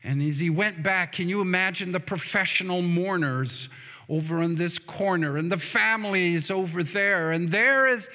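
A man's voice: high voice, normal speed, sharp tone. A man preaching a funeral sermon as pastor, telling the story and asking the congregation for amens. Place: church sanctuary. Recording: long church hall reverb.

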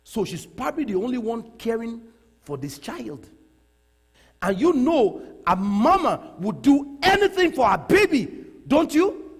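A middle-aged man preaching a sermon in a church hall. He talks in an animated way, laughs often and repeats phrases for emphasis. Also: very high-pitched, a little slow, slightly rough. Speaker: pastor. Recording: long reverb of a large hall.

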